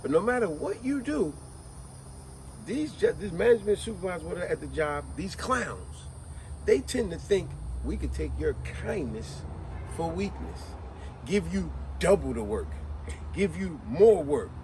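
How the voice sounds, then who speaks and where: A man hosting a casual chat, telling a story in an animated, conversational way. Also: high voice, a little slow, noisy background. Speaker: host.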